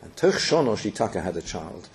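A man's voice: low-pitched, big pitch swings, brisk. Earnest man giving a Torah lecture. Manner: earnest, with yeshiva terms. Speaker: Torah teacher.

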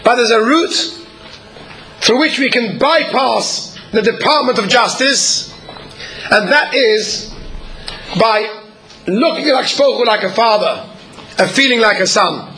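High-voiced guy preaching, bright tone, slow earnest phrasing w/ pauses. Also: animated, poor audio. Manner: earnest, measured, with pauses and throat clearing. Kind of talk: sermon.

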